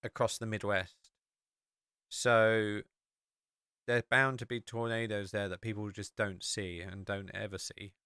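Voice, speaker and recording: A man's voice: fairly low pitch, little pitch movement, a little slow, bright, forceful tone, smooth, no echo, clean studio sound. An English man hosting a podcast, chatting casually and rambling with many fillers while he walks through a map on screen. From England. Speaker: podcast host.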